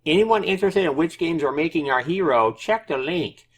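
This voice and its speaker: A man mocking a squeaky indignant developer. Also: lively intonation, moderate pace, husky. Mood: scornful. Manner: high mocking squeaky voice, stammering repetitions. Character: defensive male game developer, indignant, broken English.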